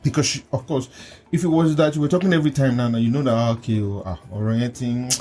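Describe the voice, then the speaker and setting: A man hosting a podcast, telling personal stories in an animated way, laughing often and acting out what people said to him. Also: mid-range voice, fast. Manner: animated storyteller, laughs often, acts out quotes. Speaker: podcast host and coach. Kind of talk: casual conversational chat.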